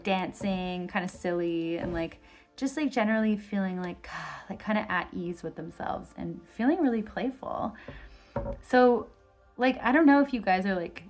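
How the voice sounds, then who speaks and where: Rambling, effusive woman tarot reader. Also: mid-range voice. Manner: rambling, with constant filler "like"; effusive and enthusiastic. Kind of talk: casual pick-a-card tarot reading.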